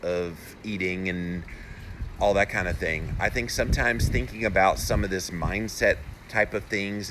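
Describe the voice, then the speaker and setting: A man's voice: sits low, a bit bright, a little hiss or hum. A man hosting a solo live show, reading viewer comments aloud and giving earnest, encouraging pep talks. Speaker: health podcaster and host.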